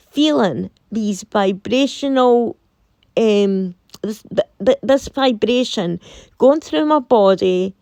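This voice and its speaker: A woman's voice: medium pitch, no room sound. A woman with a Scottish accent, casually telling a storytime tale and acting out both sides of a conversation. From Scotland. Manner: animated, quotes herself and her friend in dialogue.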